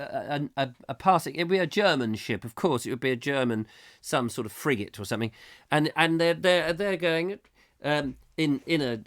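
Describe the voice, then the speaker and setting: Speaking in a fairly high, fairly bright voice, the male host of a live comic chat show spins a wandering tale. He keeps restarting and acts out the scenes as he goes.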